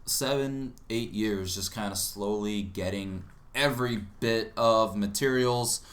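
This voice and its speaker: A man's voice: on the low side, measured pace, fairly bright tone. A man hosting a casual podcast, talking in an easygoing, rambling way and laughing often. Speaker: podcast host.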